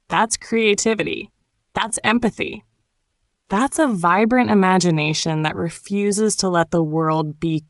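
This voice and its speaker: A woman reading a scripted narration for English learners, measured and reflective, delivered in short phrases. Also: medium pitch, no echo, clean studio sound. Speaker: podcast narrator.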